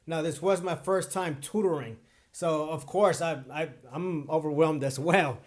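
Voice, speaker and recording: An emphatic man talking straight to his viewers as a bar exam tutor. His voice sits a little high, and he comes back to the same point more than once to stress it. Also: unhurried. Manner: earnest, emphatic, repeats points. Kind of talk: direct-to-camera talk.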